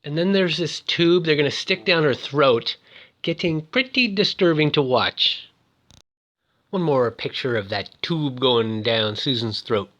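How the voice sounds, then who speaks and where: A man's voice: fairly high pitch, unhurried, fairly bright tone, muffled recording. A man giving a rambling, jokey, casual recap of a film as its host.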